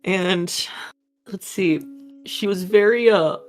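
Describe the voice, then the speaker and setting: A woman player introducing her character, talking haltingly and searching for words. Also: medium pitch, faint music behind. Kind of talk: casual chat.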